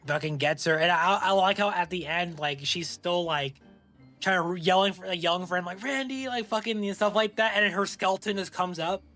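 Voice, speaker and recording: Co-host, adult man with a high, bright voice, excitable and rambling, faint music behind. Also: fairly quick. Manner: excitable, filler-heavy, lots of "like". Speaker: podcast co-host. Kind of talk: casual movie recap chat.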